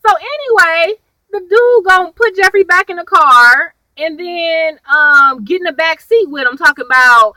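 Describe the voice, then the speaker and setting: Lively, bright-voiced woman rambling through a recap. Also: very high-pitched, normal speed, no echo, poor audio. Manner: chatty, rambling, goes off on tangents; addresses viewers as "y'all". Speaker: TV episode reviewer. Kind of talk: casual episode recap.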